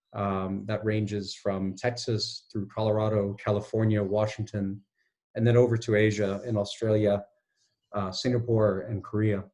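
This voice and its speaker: A man with a fairly low voice gives a conference presentation from a video call. He talks in a relaxed, self-deprecating way and jokes easily as he goes. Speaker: guest speaker.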